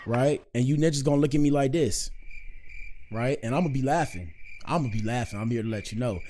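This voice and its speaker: A man hosts a casual commentary show at a mid-range pitch, talking loosely and joking as he goes. He rambles, circles back to the viewers and keeps the mood light. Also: quick pace, dark tone, a little hiss or hum. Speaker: host.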